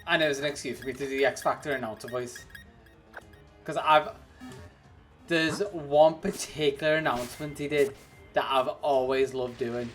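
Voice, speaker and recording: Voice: mid-range voice, steady tone, moderate pace, pauses often, fairly bright tone, soft background music. Chatty streamer, rambling and laughing. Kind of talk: casual livestream chat while gaming.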